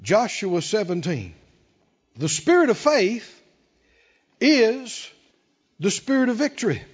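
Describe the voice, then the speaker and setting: A man's voice: high voice, sing-song, slow pace, breathy edge, in a large hall, dull audio. A man preaching a sermon, emphatic and calling out to the congregation. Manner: emphatic, call-and-response preaching.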